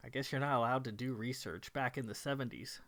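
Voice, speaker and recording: A man's voice: mid-range voice, steady tone, brisk, a bit bright. A man giving casual film commentary, retelling a plot with wry jokes.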